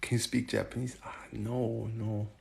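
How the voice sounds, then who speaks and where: A man from Germany hosting a casual livestream, chatting with viewers and haltingly trying out Chinese phrases. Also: lowish voice, little pitch movement, vocal fry, darkish tone. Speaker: livestream host. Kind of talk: casual live chat answering viewers.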